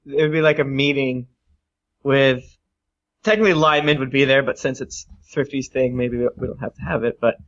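A man's voice: mid-range voice, moderate pace. A man running a tabletop game in casual chat, laughing and thinking aloud, on a dull lo-fi recording. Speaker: game master.

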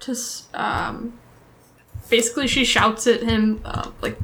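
A woman playing a tabletop role-playing game, speaking softly and haltingly as she describes her character's moves. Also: a little high, sing-song, gravelly, noisy background. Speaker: player. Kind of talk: casual tabletop play.

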